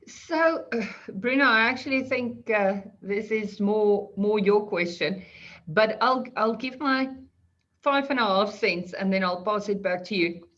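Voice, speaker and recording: A woman's voice: medium pitch, a little slow, fairly bright tone. A woman explaining property law on an online panel, chatty and self-deprecating, laughing often. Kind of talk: conversational explanation. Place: online video call. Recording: muffled video call audio.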